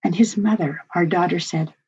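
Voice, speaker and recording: An older woman, a grandmother presenting at a workshop, shares a personal family story earnestly and from the heart. Her husky voice sits lowish and a little mellow, moving at a moderate pace, captured on a dull lo-fi recording.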